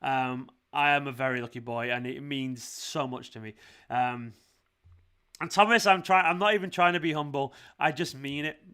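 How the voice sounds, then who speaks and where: A young man hosting a fan live stream, excitable and emphatic, repeating himself often. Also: mid-range voice, normal speed, clear, resonant tone. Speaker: fan channel host.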